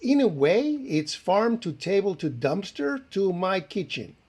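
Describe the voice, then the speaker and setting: Man putting on a fake French chef, put-on French accent, slightly high voice, halting, full of uhs. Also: sing-song, a little mellow, slightly rough, full character voice. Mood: sly. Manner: hesitant, halting, many uhs. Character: fake French chef, middle-aged man, sly and smug. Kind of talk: improv comedy character.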